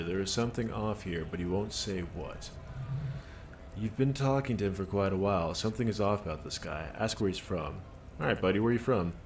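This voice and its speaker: Man, streamer, low voice, relaxed wry commentary, reads game text aloud, faint background noise. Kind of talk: casual gameplay commentary and reading game text.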